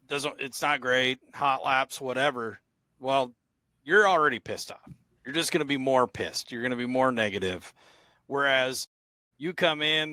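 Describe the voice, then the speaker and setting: A man co-hosting a podcast, explaining his point in a measured way with stumbling restarts. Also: mid-range voice, bright, forceful tone, dry recording. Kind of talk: casual podcast chat.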